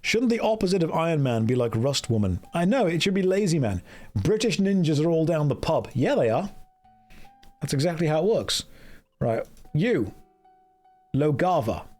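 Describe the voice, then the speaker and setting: A man's voice: a little high, sing-song, moderate pace, long pauses, a little mellow, faint music behind. A man chatting on a live game stream in a joking, self-mocking way. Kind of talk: casual live-stream chat.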